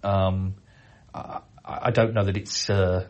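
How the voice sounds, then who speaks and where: A middle-aged man hosting a podcast, reading out listener emails in a relaxed, chatty way with frequent hesitations. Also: low-pitched, takes it slowly. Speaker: podcast host.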